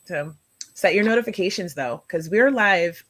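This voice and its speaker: A woman's voice: on the low side, expressive, moderate pace. A woman hosting a live show, talking in long rambling chains of thought and restarting her sentences. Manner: rambling, thinking aloud. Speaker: host.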